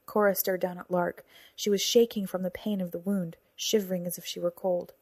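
A woman's voice: lowish voice, little pitch movement, a little fast, a little mellow, husky, no echo. A woman narrating a novel aloud, whispering and raising her voice for the characters' lines. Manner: acts out dialogue with whispers and raised voices. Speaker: audiobook narrator. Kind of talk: scripted narration.

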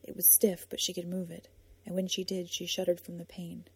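A woman narrating an audiobook in a soft, measured storytelling manner. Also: on the low side, monotone, vocal fry, breathy edge, no echo.

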